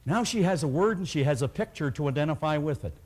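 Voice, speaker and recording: A man's voice: a little high, expressive, fast talker, a little mellow. A man speaking at a live motivational seminar, telling stories and leading the audience in call-and-response.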